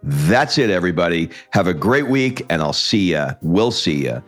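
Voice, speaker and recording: A man hosting a podcast, talking casually and teasing his co-host in quick, animated bursts. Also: deep voice, faint music behind.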